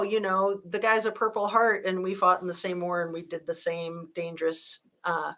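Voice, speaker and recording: A woman's voice: medium pitch, steady tone, normal speed, hardly any pauses, sharp tone. A woman in her forties hosting a casual true crime livestream from home, rambling through her opinions and talking straight to her viewers. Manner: rambling, opinionated, talks to viewers and reads chat.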